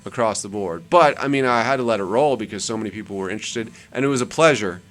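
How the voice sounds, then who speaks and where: A man's voice: fairly low pitch, fast, a bit bright, faint music behind. A man hosting his channel, chatting casually while scrolling through web pages, rambling and repeating words for emphasis. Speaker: channel host. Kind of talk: casual screen-share commentary.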